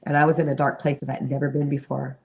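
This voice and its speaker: A woman's voice: a bass voice, level tone, fast, gravelly, a little mellow. A middle-aged woman giving an earnest personal testimony in an interview, acting out the voices she remembers. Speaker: interview guest, mentor and therapist.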